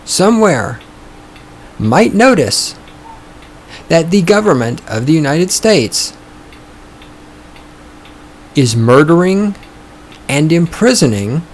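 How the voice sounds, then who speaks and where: A man hosting his own podcast, talking in a sarcastic, profane, ranting way, his voice starting to go hoarse. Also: a little high, a little hiss or hum. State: voice going hoarse. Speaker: podcast host. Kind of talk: casual opinionated podcast monologue. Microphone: studio microphone.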